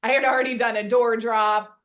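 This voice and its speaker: A woman real estate agent telling a quick, giggly story at a training workshop. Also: on the high side, flat delivery, a bit bright. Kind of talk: casual anecdote at a workshop.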